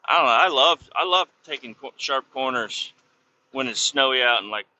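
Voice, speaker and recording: Driving through snow, a trucker vlogs an irritated, profanity-laden, meandering story from his cab. He speaks at a moderate pace with an expressive, medium-pitched voice and a sharp tone. The audio sounds dull and has a bit of background noise.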